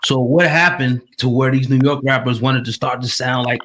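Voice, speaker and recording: Brief: male podcast host, hesitant questions, average pitch, noise behind. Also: fairly even intonation, moderate pace. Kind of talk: casual interview questions.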